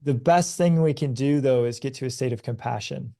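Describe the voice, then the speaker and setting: A man in his thirties speaks as a podcast guest, earnest and conversational. His voice is mellow and warm, sitting at a middling pitch. He tells stories with growing energy. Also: a little fast. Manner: earnest, storytelling, animated when recounting events. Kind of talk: conversational advice talk.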